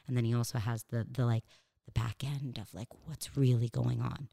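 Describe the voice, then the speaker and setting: A woman's voice: rumbling low, steady tone, moderate pace, creaky, warm tone, husky. A woman in her thirties chatting as an interview guest, joking with fillers and asides, her voice said to sound like a cartoon. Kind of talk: casual comedic interview chat.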